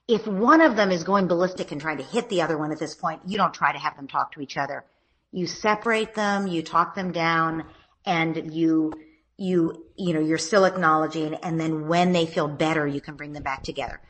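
A woman talks through parenting advice in a calm, explanatory way. She often slips into soft, gentle parent dialogue. Her voice is slightly husky. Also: deep voice, normal speed. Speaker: parenting expert guest. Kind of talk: conversational advice in podcast interview. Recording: podcast interview.

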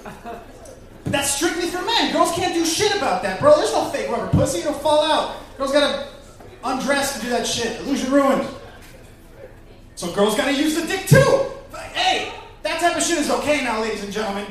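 A man doing a profane stand-up routine in a comedy club, working the crowd loudly. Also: very high-pitched, lively intonation, normal speed, far from the mic. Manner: profane, loud crowd work. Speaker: stand-up comic. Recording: echoey club, mic off-axis, crowd audible.

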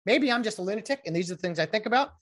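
Man, middle-aged, rambling chatty monologue, very lively intonation. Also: high-pitched, racing. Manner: rambling, animated, jokey asides. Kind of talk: casual monologue.

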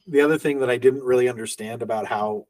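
A man's voice: medium pitch, quick pace, darkish tone, no echo, far from the mic. A man co-hosting a movie podcast in casual chat, rambling and laughing often as he acts out little quotes. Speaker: podcast co-host.

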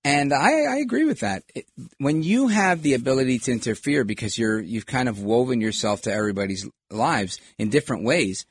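A man's voice: medium pitch, expressive, brisk, husky, dry recording, studio quality. A middle-aged man hosting a talk show, giving rambling, opinionated political commentary with lots of digressions.

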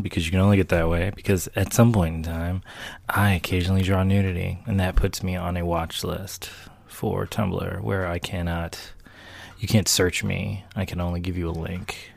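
Man, low voice, gravelly, rambling podcast chat, wry asides. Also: darkish tone, no room sound. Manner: rambling, self-correcting, laid-back with wry asides. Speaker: podcast host. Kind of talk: casual monologue to listeners.

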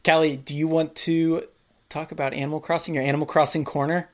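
A woman with a very low voice co-hosts a casual podcast chat. She sounds laid-back and steers the talk along. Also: little pitch movement, fairly quick, slight background noise. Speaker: podcast co-host.

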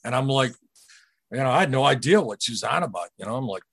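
A man with a husky, slightly rough voice shares a personal account on a podcast in casual storytelling. He speaks earnestly and haltingly, circling back to repeat what others told him. The recording is close and dry. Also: medium pitch, lively intonation, a bit bright, no echo. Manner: earnest, halting, retells dialogue. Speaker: podcast guest.

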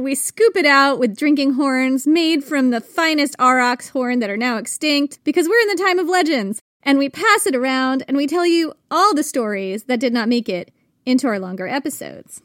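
Woman podcast co-host, high voice, dry close sound, playful storyteller. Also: a bit bright, dry recording. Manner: playful, chatty, thinks aloud. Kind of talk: casual history storytelling.

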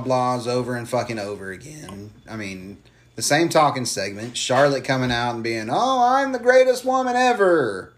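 A man talking in a loose, heated podcast rant. He swears often and now and then slips into mocking voices to make his point. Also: mid-range voice. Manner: heated, swears freely, mocks wrestlers in put-on voices. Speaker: podcast co-host. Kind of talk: casual wrestling chat.

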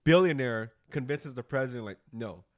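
A man's voice: medium pitch, a little fast. A man hosting a casual podcast, retelling a movie in a rambling, profane way. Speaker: podcast host. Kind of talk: casual chat.

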